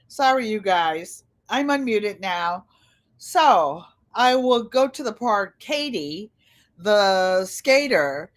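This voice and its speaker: An older woman in her seventies with a Connecticut accent, chatting live to her viewers and calling them "you guys." She speaks slowly and at ease, in a fairly high voice, and she drifts from story to story. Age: 70s. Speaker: channel host. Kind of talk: live-stream chat. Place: indoor room with a large air conditioner. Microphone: computer.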